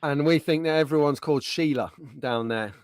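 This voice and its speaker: A man's voice: a little high, normal speed, clean tone, no echo, clean studio sound. A middle-aged man hosting a casual livestream, chatting and bantering in an upbeat way. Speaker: livestream host. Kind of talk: casual chat.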